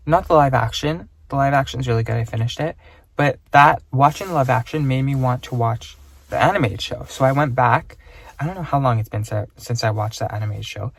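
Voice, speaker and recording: Rambling young man with a gravelly voice. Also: mid-range voice, no echo. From Canada. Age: young adult. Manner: rambling, self-deprecating, easily excited. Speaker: student vlogger. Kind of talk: casual vlog talk to camera.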